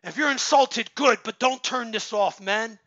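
A man in his thirties preaching a sermon as pastor, exhorting the men in his congregation and swinging from loud shouts to low murmurs. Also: measured pace, no echo. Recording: dull lo-fi sound.

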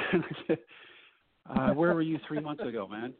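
A man's voice: a little high, lively intonation, normal speed, crowd noise. A middle-aged man telling his story as a podcast guest in a folksy way, acting out the people he quotes. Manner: folksy, acts out quoted voices. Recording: tinny phone-like line.

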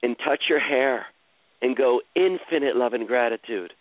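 A man guides a caller through a live coaching session, speaking slowly and soothingly and repeating his phrases. His voice comes through a thin, tinny, phone-like line. The sound is dry and close. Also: mid-range voice, dry recording. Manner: slow, soothing, repetitive guidance.

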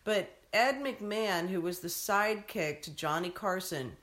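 A woman's voice: on the low side, a little slow, a bit bright. A woman hosting a talk show, earnestly telling a story in casual chat. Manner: earnest, tells stories. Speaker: show host.

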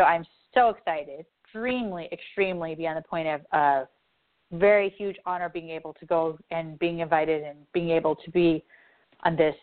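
A woman radio host and spiritual advisor talking in a heartfelt, earnest way and repeating herself for emphasis. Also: on the low side. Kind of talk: emotional spiritual talk. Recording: tinny phone-like line.

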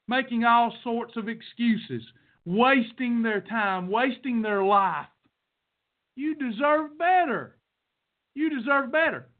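A high-voiced man delivers a blunt, folksy pep talk with the cadence of a sermon, hammering each point twice. His voice comes through thin and tinny, like a phone line, and he pushes hard at his audience. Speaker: podcast host. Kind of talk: preachy motivational monologue.

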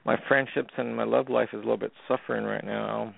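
A man from Canada calling a radio show, who speaks hesitantly and softly with many fillers. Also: on the low side, level tone, fast talker, gravelly, breathy edge, no room sound. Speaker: caller. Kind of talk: phone-in call. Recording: dry, tinny phone line.

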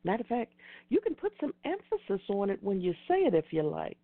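With huge swings in pitch around a mid-range voice and a brisk delivery, a middle-aged online talk show host pushes an earnest, emphatic motivational talk, repeating key lines like a preacher. No room sound comes through the dry, tinny, phone-like recording.

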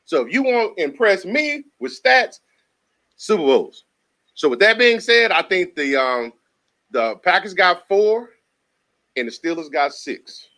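A man's voice: sits high, very animated, a little slow, pushed and bright. A man co-hosting a casual sports talk show, making emphatic, opinionated points.

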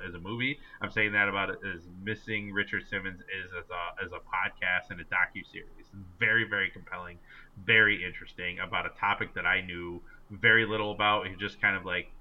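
A man's voice: sits low, fairly even intonation, a little fast, highs cut off. A man co-hosting a casual sports podcast, telling stories with plenty of ums and uhs. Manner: chatty storyteller, many fillers. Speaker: podcast co-host. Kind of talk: casual chat.

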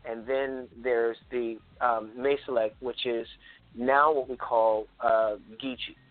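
A man from South Carolina with a Charleston accent, explaining his topic patiently and in measured terms as an interview guest. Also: medium pitch, fairly even intonation, dry recording. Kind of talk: explanatory conversation. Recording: tinny phone-like line.

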